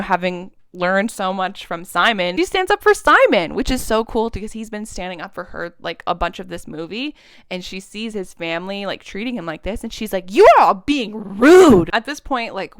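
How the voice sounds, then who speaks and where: A woman of middle pitch talks through a film she loves in a casual recap, laughing often and swearing freely. Her voice is smooth and clear. The sound is dry and close to the mic. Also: fairly bright tone, dry recording. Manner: gushing, profane, laughs often. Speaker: film reviewer.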